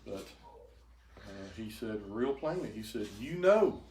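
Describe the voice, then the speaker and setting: A man's voice: on the low side, darkish tone. Older man, emotional testimony, stumbling repeats, echoey room with faint hiss. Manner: halting, repeats words, quotes others. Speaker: speaker giving a testimony. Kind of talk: emotional personal testimony to a group.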